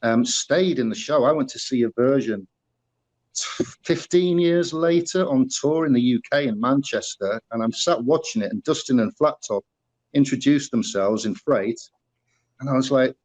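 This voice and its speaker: A man's voice: mid-range voice, normal speed, a little mellow, low-quality recording. Rambling man with a Teesside accent. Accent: Northeast English (Teesside). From England, northeast (Middlesbrough). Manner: rambling, many fillers and restarts. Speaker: guest, former musical performer. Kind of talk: casual interview storytelling.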